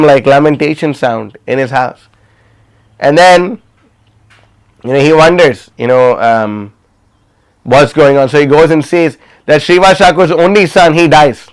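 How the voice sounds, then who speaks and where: A man's voice: on the high side, clean tone. A man telling stories in a class, speaking casually with many fillers and restarts. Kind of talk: storytelling class talk. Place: livestreamed class.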